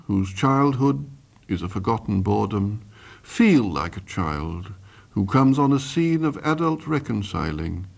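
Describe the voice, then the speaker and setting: Slow, gravelly man reading poetry. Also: mid-range voice. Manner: slow, measured recitation. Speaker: poet.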